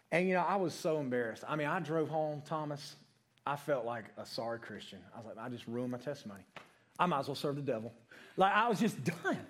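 A young man preaches to his congregation and speaks to people in it by name. His voice sits a little high, and he shifts between loud, excited bursts and quiet, confessional stretches. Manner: storytelling, animated, addresses congregation by name. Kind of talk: sermon.

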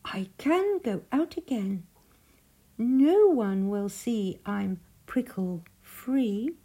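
A woman's voice: a little high, expressive, extremely slow, mellow, slightly rough, full character voice. A woman voicing a shy, easily embarrassed little male hedgehog in a storybook reading, fretful and bashful. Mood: relieved.

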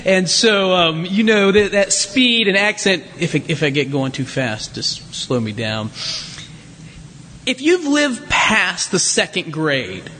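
A man pastor with a northern American accent, preaching a conversational, self-deprecating sermon whose pitch swings up on questions. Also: sing-song, slow pace, bright, forceful tone, a little hiss or hum. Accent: northern American, Yankee. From northern United States. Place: church sanctuary. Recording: church sanctuary with long reverb.

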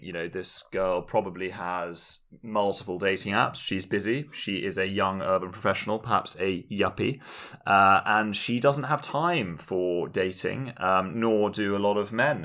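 A man's voice: low-pitched, bright, forceful tone. A man co-hosting a podcast in casual chat, rambling through his points with restarts and wry asides. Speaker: podcast co-host.

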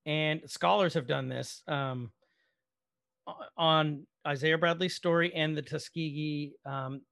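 A man's voice: a little high, steady tone, slow, creaky, a bit bright, no echo, clean studio sound. A man in casual podcast chat, retelling a show's scenes with quoted dialogue and some swearing. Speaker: podcast co-host. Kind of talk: casual chat recapping a show episode.

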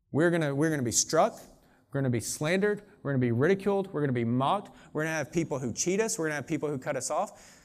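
A middle-aged man preaching a sermon in an earnest, conversational way, pressing his points with emphasis. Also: fairly high pitch. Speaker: pastor.

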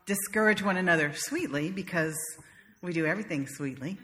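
A woman's voice: fairly low pitch, brisk, long reverb tail, background noise. A woman minister from the South, preaching a sermon in a wry, conversational storytelling manner. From American South.

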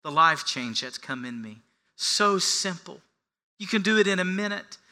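A man preaching a sermon, moving between quiet, hushed passages and loud, emphatic ones, and acting out the lines of the man he tells about. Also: high-pitched, lively intonation, normal speed. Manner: acts out the beggar's lines with a raised voice. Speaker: pastor.

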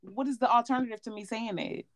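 Animated, cursing woman telling stories. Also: fairly high pitch, fast, crowd noise. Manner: animated, profane storytelling. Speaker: podcast co-host. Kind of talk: casual chat.

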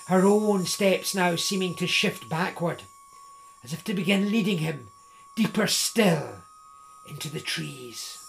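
A man narrating a story in a measured way, with small restarts. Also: sits high, creaky, fairly bright tone.

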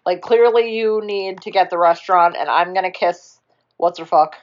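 A woman in casual chat, retelling a film plot in a rambling, animated way, jumping into quick character voices and swearing freely. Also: lowish voice, dull audio. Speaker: podcast co-host retelling a film.

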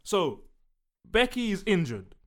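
A man's voice: sits high, slow pace. A young man, ranting and joking in a casual podcast chat. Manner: animated, ranting, mimics people he talks about. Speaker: podcast co-host.

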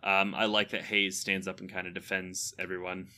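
A man's voice: deep voice, little pitch movement, normal speed, sharp tone. A young man co-hosting a podcast, chatting casually and enthusiastically, often laughing as he rambles. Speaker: podcast co-host. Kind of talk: casual chat.

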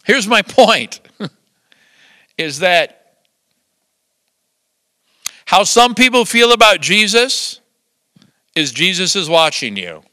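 Animated older male preacher. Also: sits high, slow pace, long pauses, dry recording. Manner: lively storytelling with chuckles and acted-out quotes. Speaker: pastor. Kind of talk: sermon.

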